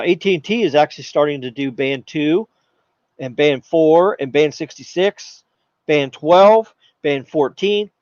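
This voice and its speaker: Animated man hosting a tech stream. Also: a little high, dry recording, muffled recording. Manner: animated, jokey, puts on silly voices. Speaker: tech channel host. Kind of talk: live stream Q&A talk.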